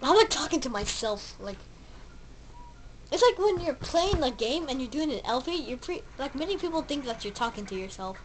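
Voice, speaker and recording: A woman giving casual gameplay commentary, excitable, yelping at the game and babbling silly sound effects. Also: sits high, moderate pace, rough recording. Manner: excitable, yelps and shouts at the game. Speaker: let's play gamer.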